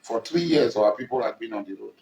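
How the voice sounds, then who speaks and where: A man's voice: lowish voice, a little fast, vocal fry, a little mellow, echoey room, slight background noise, poor audio. A man with a Nigerian accent giving an angry, accusing public statement, confronting someone directly and repeating his points. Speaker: militant leader addressing rivals.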